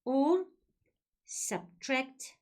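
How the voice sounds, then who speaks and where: A woman teaching a school maths lesson, patiently repeating key points and walking through each step slowly. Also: high-pitched, lively intonation, a little mellow. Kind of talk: recorded classroom lesson.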